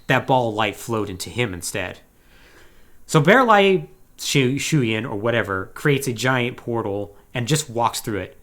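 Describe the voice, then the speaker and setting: A man hosting a podcast, casually retelling a video game story with lively paraphrased quotes and quick self-corrections. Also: mid-range voice. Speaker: podcast host.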